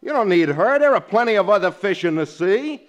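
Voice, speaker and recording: In an old, lo-fi radio broadcast, an actor plays a brash, wisecracking sidekick, a loafing secretary in a 1940s radio comedy. His high voice is very animated and fairly quick, and his delivery is cocky, needling and full of jokes.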